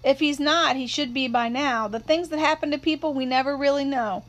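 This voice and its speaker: A woman voicing a sharp-tongued older woman neighbor who talks in a dry, blunt way, as part of a storybook reading. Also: high voice, a little fast, lightly acted. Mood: reflective.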